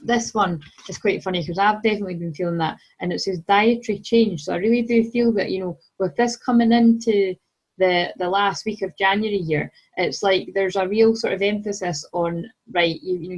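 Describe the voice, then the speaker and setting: A woman's voice: lowish voice, steady tone, brisk, poor audio. A woman giving a casual weekly tarot card reading, chatty and rambling with lots of fillers and self-corrections.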